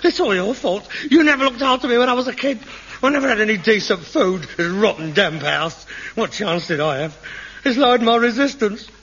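A melodramatic young son in a TV sitcom, whining and fussing over himself. His voice is high and bright and swoops up and down. The old TV recording sounds dull, with faint hiss. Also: animated, a little fast. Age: young adult. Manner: theatrical, whining and self-dramatising. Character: hypochondriac grown son, melodramatic and self-pitying. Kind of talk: 1960s-70s TV sitcom acting.

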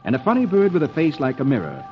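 A cheerful male radio host reads the funnies with lively, swooping intonation, pitched a little high. The sound is muffled and old-fashioned, with music running clearly underneath. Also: fast talker. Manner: jolly, animated storyteller. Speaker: radio host reading comics. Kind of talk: old-time radio storytelling.

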